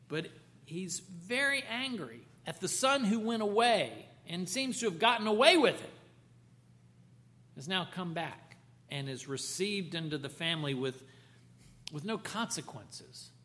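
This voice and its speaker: A man preaching a sermon, telling a parable in an animated, conversational storytelling manner with asides. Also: on the high side.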